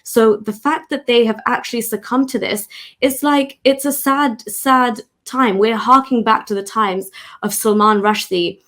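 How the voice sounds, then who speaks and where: A woman's voice: a little high, a little slow, a bit bright. A woman with a British accent, co-hosting a casual chat and speaking emphatically and indignantly. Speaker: co-host.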